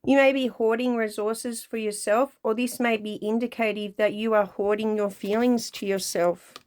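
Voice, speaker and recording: A woman's voice: fairly high pitch, fairly even intonation, darkish tone. Chatty woman doing a tarot reading. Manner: chatty, drawn-out, sings song lyrics along. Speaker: tarot reader. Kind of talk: casual tarot reading monologue.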